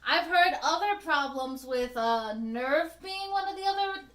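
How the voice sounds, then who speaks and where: A bilingual woman co-hosting a podcast, chatting casually in an animated, opinionated way, laughing now and then. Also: high voice, a little slow, echoey room. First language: Spanish. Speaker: podcast co-host. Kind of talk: casual chat.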